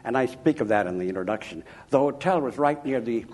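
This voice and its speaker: An older man from Chicago, an author interviewed about his life, telling anecdotes in an emphatic, animated way. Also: medium pitch, fast talker. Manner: animated, emphatic, chuckling raconteur. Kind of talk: anecdotal storytelling.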